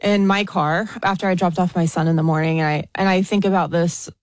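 An American woman chatting as a podcast guest, animated and full of fillers, laughing often. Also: fairly low pitch, a little fast, no room sound. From United States. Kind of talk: casual podcast chat.

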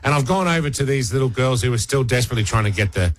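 A man's voice: medium pitch, animated, very fast, no echo. An Australian man hosting radio, telling a rambling, self-mocking story with many restarts, on a studio mic. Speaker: radio host. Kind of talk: casual storytelling chat.

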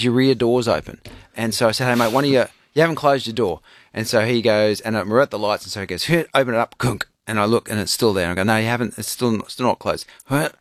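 A man, hosting a casual radio chat and telling a story with lively laughs. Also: medium pitch, dry recording, studio quality. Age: 50s. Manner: animated storyteller, laughs through his own anecdotes. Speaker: radio host.

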